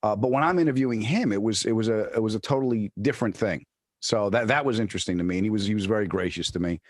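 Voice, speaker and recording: In a fairly low, rapid-fire voice, the New York comedian tells stories during a casual interview, frequently restarting and doing the voices of people he quotes. The studio-quality audio has no room sound.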